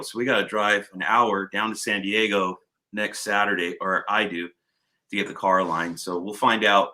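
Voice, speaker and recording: A man's voice: on the low side, moderate pace. A man hosting a casual chat, telling stories loosely and swearing freely. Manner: storytelling, swears freely, animated when retelling. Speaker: podcast host.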